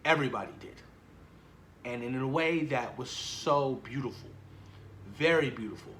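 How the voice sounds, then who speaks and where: A man's voice: mid-range voice, normal speed, long pauses. Gushing young man reviewing a film. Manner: gushing, repeats himself, trails off softly. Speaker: movie vlogger. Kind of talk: excited casual film review.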